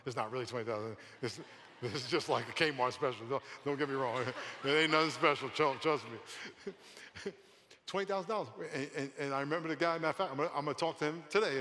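Preaching man in a reverberant church hall. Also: mid-range voice. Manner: lively preaching with frequent laughs and repetitions. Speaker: pastor. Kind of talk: sermon. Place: large church sanctuary.

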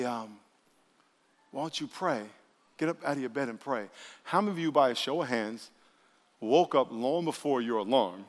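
A man preaching a lively sermon as pastor, acting out voices he quotes. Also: on the high side. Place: church sanctuary. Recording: long reverb of a church hall.

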